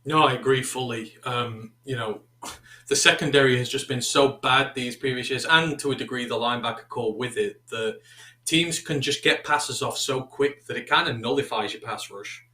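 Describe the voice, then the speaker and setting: Man, sports co-host, long analytical answers, bright forceful voice, echoey room. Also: mid-range voice, moderate pace. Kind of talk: casual sports talk.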